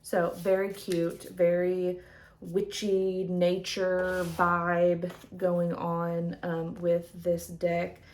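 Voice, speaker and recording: A woman's voice: fairly low pitch, monotone, drawn-out words, slight background noise. A woman vlogger chatting casually as she shows her tarot decks, rambling with lots of fillers. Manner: rambling, soft-spoken, many fillers.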